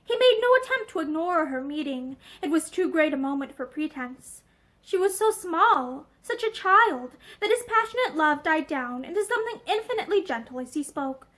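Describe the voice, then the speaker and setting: A woman reads a novel aloud in a steady, expressive voice, indoors in a room with bookshelves. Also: very high voice, normal speed. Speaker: narrator.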